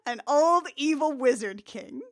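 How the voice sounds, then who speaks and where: A woman's voice: high-pitched, animated, unhurried. A woman co-hosting a casual podcast, giving dry, sardonic commentary. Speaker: podcast co-host.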